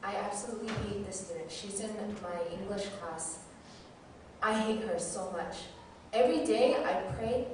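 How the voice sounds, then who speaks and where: A woman's voice: medium pitch, moderate pace, noisy background. A woman who teaches, giving a candid, self-deprecating personal testimony as a sermon. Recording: very echoey hall, mic far off.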